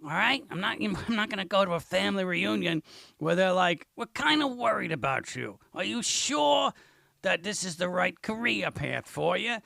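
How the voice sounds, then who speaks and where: A man's voice: high-pitched, expressive, normal speed, vocal fry, bright, forceful tone, dry recording, exaggerated voice. A man voicing a defensive, rambling pal who stammers and backtracks.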